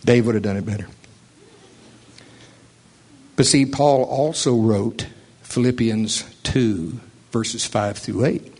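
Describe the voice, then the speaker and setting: An earnest man teaching a Bible lesson at a middle pitch. He reads scripture aloud and stresses his points with emphasis. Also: takes it slowly, long pauses, a little mellow, slightly rough.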